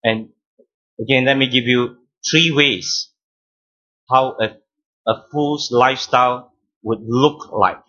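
A pastor delivers a sermon, teaching deliberately, emphasizing key words and repeating phrases. His mid-range voice has a sharp tone, and the audio sounds dull.

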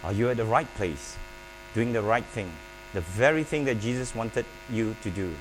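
A man preaching a sermon, emphatic and paced with pauses, calling on the congregation to repeat his words. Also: mid-range voice, poor audio. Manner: emphatic, with pauses and call-and-response prompts. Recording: faint mains hum.

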